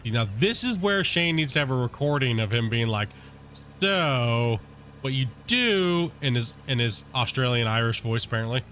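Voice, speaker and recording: A man streaming a game, chatting casually with his viewers in a relaxed, rambling way full of fillers. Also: mid-range voice, fast talker, few pauses, a little hiss or hum. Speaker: gaming streamer. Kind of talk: casual chat with live viewers while playing.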